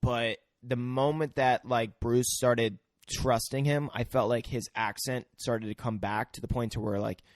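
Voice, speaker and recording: A man co-hosting a podcast, chatting about a movie in a relaxed way, laughing easily and trailing off. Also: medium pitch, unhurried, hardly any pauses, no room sound, studio quality. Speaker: podcast co-host. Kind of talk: casual movie chat.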